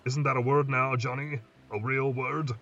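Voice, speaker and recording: A man's voice: mid-range voice, little pitch movement, close to an everyday voice. A man doing a brooding old lighthouse keeper. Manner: slow, hushed, musing storyteller. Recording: distant muffled mic, faint hiss.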